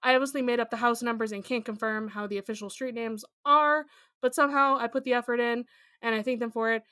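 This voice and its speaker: A woman with a high-pitched voice co-hosts a casual podcast. She reads listener posts aloud in a playful, joking way. Her voice is recorded close and dry. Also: steady tone, fast talker, pushed and bright, dry recording. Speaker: podcast co-host.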